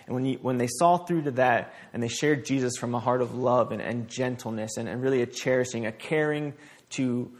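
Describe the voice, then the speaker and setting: A young man delivering a relaxed sermon at a middle pitch, talking it through plainly rather than orating. He stops and restarts often, leaning on fillers as he works from a scripture passage to everyday examples. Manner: conversational, halting, many restarts and fillers. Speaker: preacher. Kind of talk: casual sermon with Bible reading.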